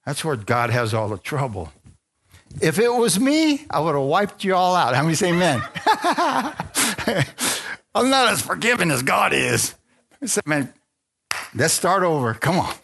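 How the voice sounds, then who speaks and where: A male pastor preaching a lively sermon, retelling a Bible story playfully and often asking his congregation for an amen. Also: on the high side, normal speed, creaky. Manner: excitable, playful storytelling with call-and-response.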